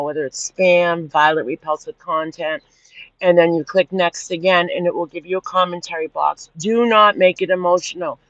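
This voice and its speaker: Woman livestreamer, animated and indignant, dry muffled phone audio. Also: lowish voice, dry recording. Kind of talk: casual livestream chat.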